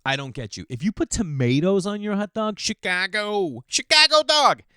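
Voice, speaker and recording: A man in his thirties hosting a podcast, rambling through casual opinions with sudden jumps in pitch. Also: expressive, fairly quick, no echo, studio quality. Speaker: podcast host. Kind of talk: casual monologue.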